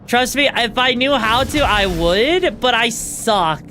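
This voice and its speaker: A young woman streaming a video game, reacting excitedly, swearing freely and tossing in fillers and tag questions. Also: fairly high pitch, slow pace, a little hiss or hum. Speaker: VTuber streamer. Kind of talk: live gameplay commentary.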